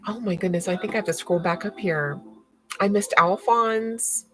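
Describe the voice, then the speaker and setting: Bright-voiced excitable woman tarot reader. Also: mid-range voice, moderate pace, rough recording. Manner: excitable, laughing, thinks aloud. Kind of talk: live tarot reading.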